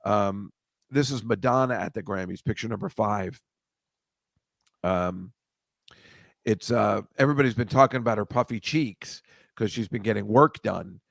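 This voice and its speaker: A man's voice: on the low side, normal speed, vocal fry, long pauses, dry recording, clean studio sound. A man hosting a casual comedy chat show, rambling and self-deprecating, stammering and restarting as he goes. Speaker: host.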